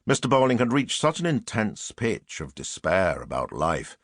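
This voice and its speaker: A man reading a novel aloud as an audiobook narrator, measured and wry. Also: lowish voice, sing-song, no echo, studio quality. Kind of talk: scripted narration.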